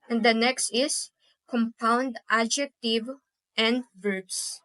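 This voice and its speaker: Slow, careful young woman presenter. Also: a little high, steady tone, a bit bright, dry recording, low-quality recording. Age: young adult. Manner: says each example word twice, syllable by syllable. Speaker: student presenter. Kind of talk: class presentation on pronunciation.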